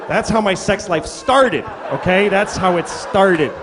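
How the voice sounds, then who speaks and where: A man's voice: high voice, measured pace, a crowd in the background. A middle-aged man performing stand-up comedy, telling crude, self-deprecating stories and acting out quotes. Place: comedy venue stage. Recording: reverberant hall with audience noise. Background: audience laughter.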